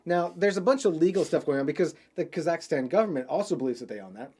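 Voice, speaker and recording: A man's voice: on the high side, lively intonation, fast, a little mellow, breathy edge. A man co-hosting a tech chat show, telling a story in a rambling, casual way with many restarts. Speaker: podcast co-host.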